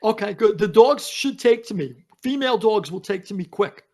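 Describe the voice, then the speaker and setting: A man, talking as a podcast guest over a video call, animated and emphatic. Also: high voice, normal speed. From United States. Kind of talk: casual chat.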